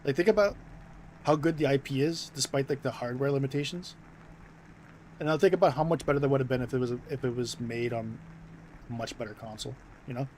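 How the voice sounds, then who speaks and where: A man's voice: medium pitch, fairly even intonation, fairly quick, a little mellow, a little hiss or hum, low-quality recording. A young American man streaming and chatting casually, rambling with many fillers and restarts. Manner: rambling, filler-heavy, self-interrupting.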